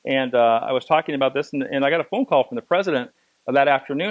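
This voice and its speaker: A man's voice: medium pitch, dull audio. A middle-aged man teaching a hands-on massage class, telling stories and demonstrating as he talks. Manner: fast, anecdotal, demonstrating while talking. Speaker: massage instructor.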